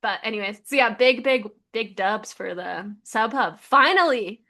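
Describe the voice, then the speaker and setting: A woman co-hosting a podcast, telling stories in a lively casual chat full of "like" fillers. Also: on the high side, measured pace. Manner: lively storyteller, many "like" fillers. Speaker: podcast co-host.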